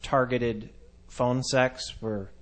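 A man's voice: medium pitch, little pitch movement, very slow, a bit bright. Rambling male podcast host. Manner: rambling, trails off and restarts. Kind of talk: crude casual banter.

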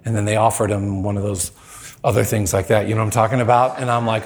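A man preaching, telling a personal story with lively acted-out quotes. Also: lowish voice, fast talker, slight background noise. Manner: animated storyteller, acts out quoted lines. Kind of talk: sermon storytelling.

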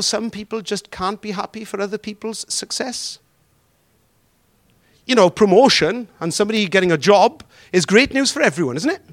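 Lively high-voiced man preaching a sermon. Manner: animated, drawn-out emphatic phrasing with questions to the congregation.

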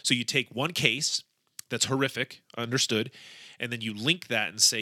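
A man co-hosting a podcast in casual chat, talking loosely with restarts and acting out quotes in an animated way. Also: medium pitch, fairly quick, dry recording. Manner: animated storyteller, acts out quotes, laughs often; informal, many restarts and fillers. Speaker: podcast co-host.

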